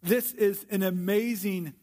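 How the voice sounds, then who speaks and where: Male preacher, fairly high voice, earnest sermon delivery with slow, stressed repetitions. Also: fairly even intonation, darkish tone. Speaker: pastor.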